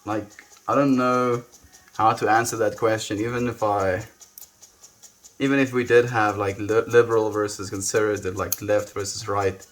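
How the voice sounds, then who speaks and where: A young South African man chatting softly and reflectively with viewers on a live stream, often trailing off with "you know". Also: lowish voice, fairly even intonation, normal speed. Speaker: livestreamer. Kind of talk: casual live-stream chat.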